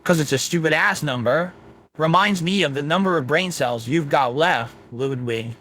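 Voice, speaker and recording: A man's voice: on the high side, normal speed, a bit bright, a little hiss or hum, lightly acted. A man's AI voice playing a rude, foul-mouthed male chatbot with a Southern US accent who insults the streamer. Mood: grumpy. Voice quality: crude, insulting, grumpy. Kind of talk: AI voice chatbot replies.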